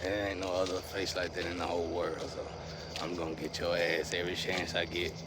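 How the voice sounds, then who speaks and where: A man's voice: sits low, flat delivery, a little fast, heavy background noise. A man giving a casual, rambling monologue to his viewers in loose slang. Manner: rambling, slangy, restless swings in loudness. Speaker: vlogger.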